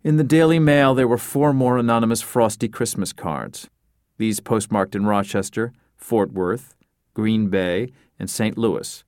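Here a man's somewhat low voice carries a scripted audiobook narration at a measured, even storytelling pace. The recording is studio quality without any room sound.

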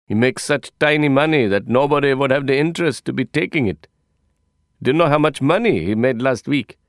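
A man voicing a calm, purposeful grown man who speaks in a terse, measured, commanding way. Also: medium pitch, no echo, studio quality, voice pushed up, natural voice. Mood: scornful. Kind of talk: audiobook character voice.

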